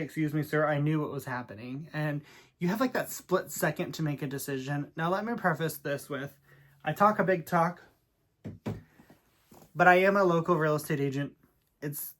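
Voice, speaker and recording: A man's voice: fairly high pitch, a bit bright. A man vlogging in a casual storytelling style, chatty and sassy with dramatic asides. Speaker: vlogger and real estate agent.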